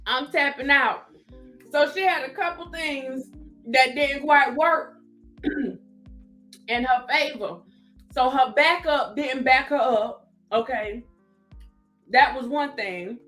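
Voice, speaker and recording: A woman's voice: sits high, slow, long pauses, fairly bright tone, faint music behind. A woman hosting a live stream, chatting casually, laughing often and reading viewer comments aloud.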